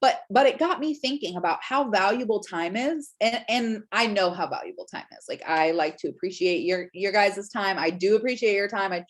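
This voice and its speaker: A woman's voice: medium pitch, normal speed, hardly any pauses. Young woman vlogger, casual and chatty, peppers talk with "like" and "right?", plain camera mic at home. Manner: chatty, lots of fillers and "right?". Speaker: Scentsy consultant giving business tips.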